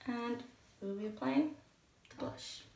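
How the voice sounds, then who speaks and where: A young woman talks through her makeup routine in a casual, thinking-aloud way, her morning voice sitting a little high. She sounds set back from the mic, in a room that echoes noticeably. A faint hum of background noise runs underneath. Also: slow, creaky, dark tone, far from the mic. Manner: chatty, hesitant, thinking aloud. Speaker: beauty vlogger. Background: shower running in another room.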